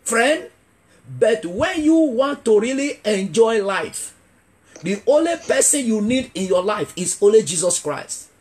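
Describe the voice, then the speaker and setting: A male evangelist with a high, animated voice preaches a revival sermon at a measured pace. He questions the congregation and repeats key phrases for emphasis, building emphatically to shouting.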